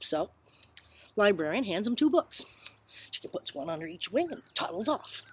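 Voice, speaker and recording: A woman's voice: on the low side, sing-song, normal speed, breathy edge, dry recording. A woman telling a joke in a casual backyard vlog, playfully acting out the squawks of animals. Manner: playful storyteller, squawks loudly for animal voices. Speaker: vlogger. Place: outdoors in a backyard.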